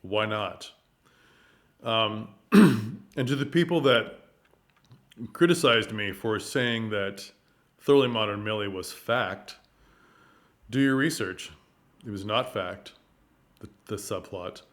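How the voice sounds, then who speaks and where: A man's voice: on the low side, slow, long pauses. Man talking through his views on theater. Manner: animated, tripping over words, with rhetorical questions. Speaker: theater commentator. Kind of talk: casual monologue commentary.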